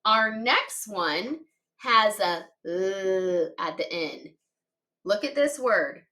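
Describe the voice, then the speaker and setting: Slow, patient woman teaching phonics. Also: medium pitch, expressive, bright, forceful tone. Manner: patient, encouraging, sounds out letters one by one. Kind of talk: slow, clearly enunciated phonics lesson for children.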